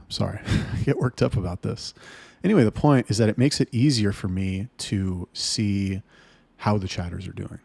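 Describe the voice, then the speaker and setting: A man's voice: fairly low pitch, normal speed, creaky, a little mellow, slightly rough, no echo. A man talking to camera about managing his sales staff, blunt and heated, swearing often. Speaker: business owner talking to camera. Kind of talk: casual rant to camera.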